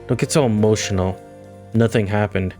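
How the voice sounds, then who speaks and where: Guy reading a cold bitter teen girl, short curt lines, soft music under it. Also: on the low side, normal speed, natural voice.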